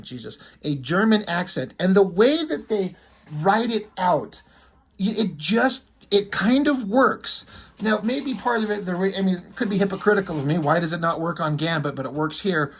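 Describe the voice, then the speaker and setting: A man's voice: sits high, lively intonation, normal speed, husky. A man rambling casually through a comic book review, enthusiastic and profane.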